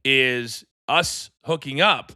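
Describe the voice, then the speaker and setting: A middle-aged man co-hosting a podcast, chatting casually and telling lively anecdotes. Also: medium pitch, slow, no echo, clean studio sound. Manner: animated, acts out voices in anecdotes. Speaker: podcast co-host. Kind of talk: casual storytelling chat.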